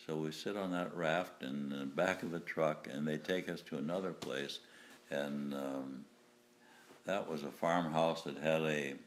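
An older man, a war veteran from the United States, recounting wartime memories in a halting way, with restarts and small chuckles. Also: rumbling low, steady tone, slight background noise. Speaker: WW2 veteran interviewee.

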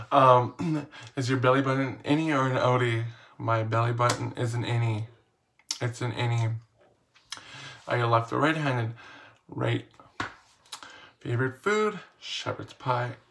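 A man's voice: medium pitch, fairly even intonation, a little slow, gravelly, long pauses, fairly bright tone, a little hiss or hum. A man casually reading questions aloud and answering them in a playful, slangy, self-mocking vlog. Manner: reads each question aloud, then answers. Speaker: vlogger.

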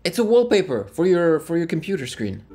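Warm, brisk and sing-song, this mid-range voice belongs to a Quebec host with a Quebec French accent from Canada, giving casual movie reaction commentary. The host thinks aloud and exclaims over the film's soundtrack music.

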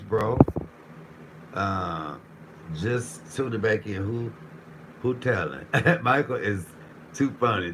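A man hosting a live stream while cooking, ranting with heavy profanity and swinging between low muttering and raised shouting. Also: slight background noise, low-quality recording. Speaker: livestream host.

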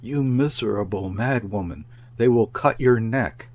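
A man voicing a frightened old peasant mother in an audiobook, crying out in shrill alarm. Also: big pitch swings, a little slow, a little mellow, a little hiss or hum.

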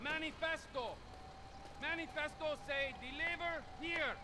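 An actor playing a gruff dock worker in a video game, speaking curt, broken English. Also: male voice, very high-pitched, unhurried, bright, forceful tone, exaggerated voice.

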